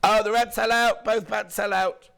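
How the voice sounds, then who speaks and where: A hoarse man presenting on a shopping channel, chatting in a gossipy, rambling way between sales points. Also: sits high, level tone, normal speed, fairly bright tone. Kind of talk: casual live sales chat.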